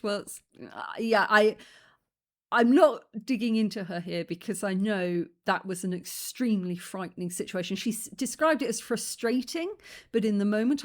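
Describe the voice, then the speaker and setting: A woman hosting a reaction video, talking frankly in a casual, chatty way and laughing often. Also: medium pitch. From abroad, lives in Rwanda since 2007. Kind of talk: casual commentary.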